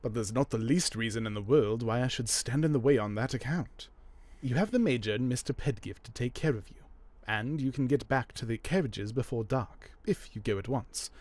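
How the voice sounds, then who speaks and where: A man reading an audiobook, voicing an earnest, trusting young gentleman. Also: mid-range voice, expressive, normal speed, no room sound, lightly acted. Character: naive cheerful young gentleman.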